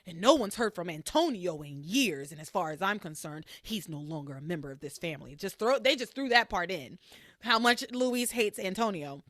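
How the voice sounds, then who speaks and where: A woman hosting a podcast alone, casually recapping soap opera episodes in a chatty, animated way. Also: lowish voice, normal speed, no echo, studio quality. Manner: chatty, animated retelling with quoted lines.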